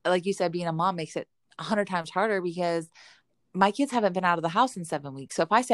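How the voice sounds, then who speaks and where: A woman in her thirties with a low voice talks candidly and rambles, dropping fillers as she goes. The sound is dry and close. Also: fast, no room sound. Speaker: podcast co-host. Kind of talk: casual chat.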